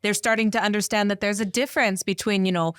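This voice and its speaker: A woman's voice: mid-range voice, fairly even intonation, fast talker, fairly bright tone, smooth, no room sound, studio quality. A woman co-hosting an interview show, explaining her view at length in a thoughtful way. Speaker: co-host.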